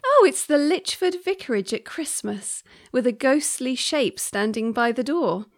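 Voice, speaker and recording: High, lively woman host. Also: a little slow. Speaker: podcast host. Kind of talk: scripted comic podcast.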